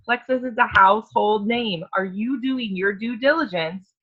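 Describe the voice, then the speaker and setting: A woman's voice: on the high side, moderate pace. A woman hosting a video call for a sales team, coaching her team in an emphatic, preachy way. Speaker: host, team leader. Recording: dull lo-fi video call audio.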